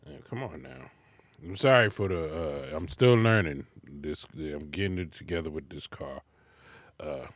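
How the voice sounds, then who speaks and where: A man giving casual, animated reaction commentary from inside his car, laughing and swearing as he critiques. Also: extremely low pitch, a little slow, noisy background. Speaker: music reaction vlogger.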